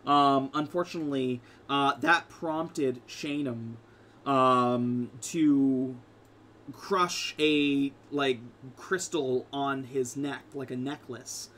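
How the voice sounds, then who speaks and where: Slow, rambling man running a game. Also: medium pitch, fairly even intonation, a bit bright, a little hiss or hum. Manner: rambling, many fillers and restarts. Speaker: game master. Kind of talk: casual game narration.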